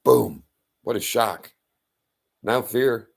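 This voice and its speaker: A man retelling an old story in casual, animated talk, with loud sound-effect outbursts and blunt profanity. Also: medium pitch, extremely slow, creaky. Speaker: self-styled faith speaker.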